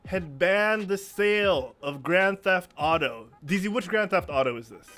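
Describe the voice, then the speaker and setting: A man with a high, bright voice takes his time over each word, milking a quiz answer with mock-serious deliberation on a gaming podcast. Light music plays faintly behind him. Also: animated, a little slow. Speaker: podcast co-host, quiz contestant. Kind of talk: casual gaming podcast chat.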